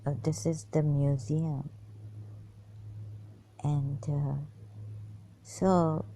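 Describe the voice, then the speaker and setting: A woman with a low, mellow voice reads old texts aloud and stops to comment on them. She talks slowly and hesitantly, puzzling over words and sometimes dropping into a whisper. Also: little pitch movement, slight background noise, rough recording. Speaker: channel host.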